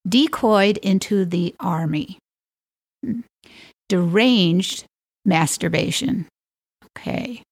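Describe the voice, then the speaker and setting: A woman's voice: fairly low pitch, expressive, slow, vocal fry, pauses often, no echo. A woman hosting a solo podcast, reading down a list and dropping wry, playful asides with the odd chuckle. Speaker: podcast host.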